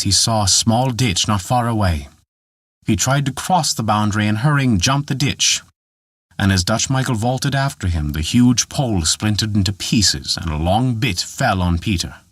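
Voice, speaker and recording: A man narrating a folk tale in an expressive, animated storytelling manner. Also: fairly low pitch, normal speed, slightly rough, no room sound, clean studio sound.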